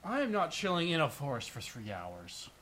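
Young dude at a tabletop game, blunt and sardonic, voice swings around a lot. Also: male voice, a little high, wildly swooping pitch, normal speed, sharp tone, slight background noise, rough recording. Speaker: player. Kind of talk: casual tabletop game chat.

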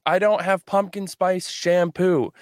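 A man's voice: high voice, steady tone, a little slow, no echo, studio quality. A young man co-hosting a podcast, telling a rambling, profane story in casual chat. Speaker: podcast co-host.

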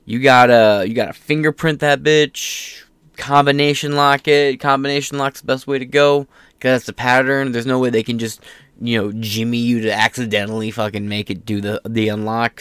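Reading the news on his laid-back commentary show, this young political host breaks off into rambling, profane tangents and spontaneous remarks. He has a mid-range, fairly bright, clean voice with a flat delivery at normal speed, and there's no echo.

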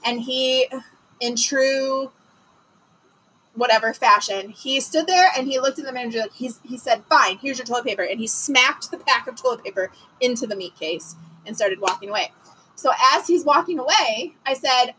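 A woman from Detroit telling a story in casual chat, animated and full of fillers, acting out the lines she quotes. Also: high-pitched, moderate pace, a little hiss or hum, rough recording.

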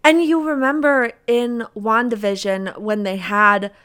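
A young woman co-hosting a casual chat podcast, enthusiastic and quick to agree, talking like an eager fan. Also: a little high, fairly even intonation, a bit bright, clean tone. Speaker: podcast co-host.

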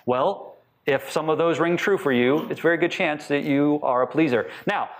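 A man giving a talk to a live audience, asking them many questions and acting out short quotes in lively voices. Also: fairly high pitch, normal speed. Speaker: speaker teaching on attachment styles.

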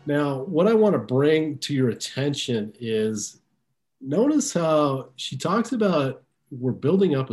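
A man hosts a podcast in easygoing chat. He speaks at a middle pitch and often restarts and repeats words as he works out his thoughts. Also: darkish tone. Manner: conversational, repeats words while thinking aloud. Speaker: podcast host.

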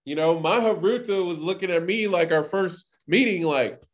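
A Torah teacher with a high voice, talking at normal speed, goes through a scripture passage in a loose, chatty style. His casual study talk is full of filler words and quotes he acts out.

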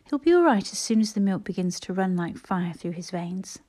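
A woman's voice: medium pitch, animated, normal speed, darkish tone, lightly acted. A woman voicing a bossy, proud young boy who speaks firmly and takes charge. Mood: assured.

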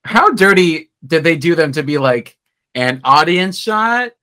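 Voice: medium pitch, lively intonation, measured pace, bright, forceful tone. A co-host in casual chat, tossing in sarcastic jokes and asides. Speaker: podcast co-host.

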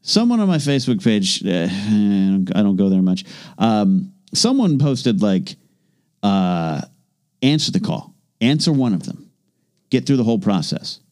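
Male podcast co-host, middle-aged, very lively pitch, jokey casual banter. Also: measured pace. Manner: animated, jokey, trails off and restarts. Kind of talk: casual comedic chat.

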